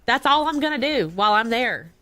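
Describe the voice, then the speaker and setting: A woman's voice: a little high, animated, fairly quick, sharp tone. A Texan woman co-hosting a casual chat show, teasing her co-host and laughing a lot. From Texas.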